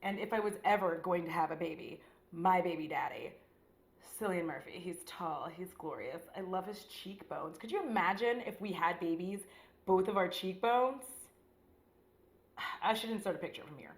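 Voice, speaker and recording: A woman's voice: lowish voice, moderate pace, roomy sound. A woman beauty vlogger chatting casually and profanely, joking as she recaps a movie while doing her makeup at home. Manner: chatty, profane, jokey, acts out scenes. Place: room at home.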